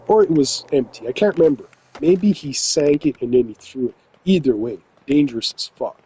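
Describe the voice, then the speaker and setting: A man's voice: medium pitch, dark tone, a little hiss or hum, poor audio. A man from New Brunswick, Canada, telling a rambling, profane story in casual chat and laughing often. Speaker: gaming vlogger telling a story.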